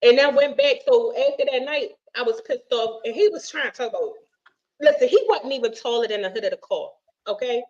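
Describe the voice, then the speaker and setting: Animated, profane woman telling a dating story. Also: a little high, brisk. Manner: animated, profane, acts out dialogue. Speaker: host. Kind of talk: casual storytelling chat. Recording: dull lo-fi stream audio.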